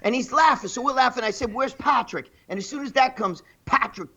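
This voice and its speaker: Rambling, foul-mouthed man in a bright, high voice. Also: fast talker, highs cut off. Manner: profane, rambling, animated storyteller acting out quotes. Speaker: show guest telling stories. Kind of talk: casual storytelling chat.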